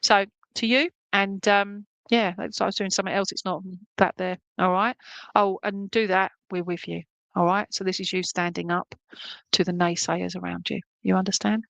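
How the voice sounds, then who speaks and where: A woman's voice: mid-range voice, fairly even intonation, moderate pace, gravelly, fairly bright tone, no room sound, low-quality recording. Chatty woman medium, dry sound. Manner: chatty, reassuring, checks in with "okay?" constantly. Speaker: spiritualist medium. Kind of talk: clairvoyant reading in an online church service.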